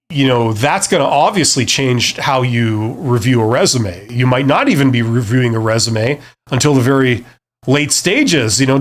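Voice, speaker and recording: A middle-aged man hosting a casual live career Q&A, talking in a rambling, conversational way with lots of fillers and self-deprecating jokes. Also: mid-range voice. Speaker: career advice livestream host.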